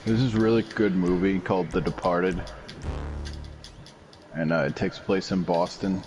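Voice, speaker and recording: A man's voice: sits low, steady tone, measured pace, darkish tone, faint music behind. A man chatting casually while playing a game, rambling and explaining at length. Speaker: gamer. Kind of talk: casual chat while gaming. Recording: noisy game audio behind.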